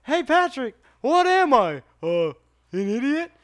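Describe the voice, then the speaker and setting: A man putting on a goofy high cartoon starfish. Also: big pitch swings, unhurried, heavily acted. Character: dim-witted cartoon starfish, male, goofy. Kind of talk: impression for laughs on a podcast.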